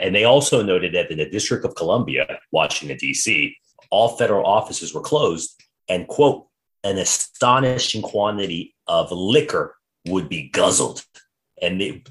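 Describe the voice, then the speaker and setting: A man hosting a podcast, telling history in a casual, animated way and reading quotes aloud. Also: on the low side. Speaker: podcast host.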